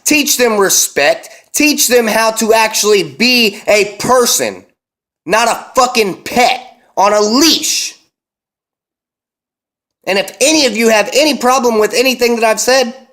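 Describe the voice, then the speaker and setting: A man's voice: sits high, fairly bright tone. Young guy going off in a vlog rant, heated and emphatic, swearing a lot, drags out the words he wants to stress. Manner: intense, emphatic, heavy cursing, slows to hammer key words. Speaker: vlogger and parent. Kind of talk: heated ranting monologue.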